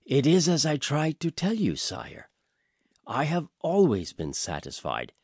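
A man voicing a calm, humble old wise man who speaks quietly and gently. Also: a little high, measured pace, breathy edge, no room sound, studio quality, voice pushed up, heavily acted.

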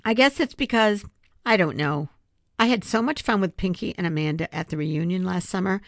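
A woman's voice: lowish voice, moderate pace, no room sound, studio quality, voice pushed up, natural voice. A woman reading aloud, voicing a jealous, teasing young girl in a raised, childlike voice. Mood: sheepish.

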